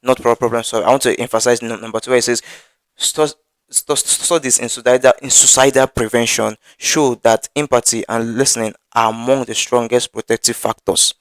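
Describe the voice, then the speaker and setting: Male preacher, earnest teaching delivery, heavy stammer and repeats, mid pitch, dry close sound. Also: little pitch movement, a little fast, dry recording, poor audio. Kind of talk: Bible teaching.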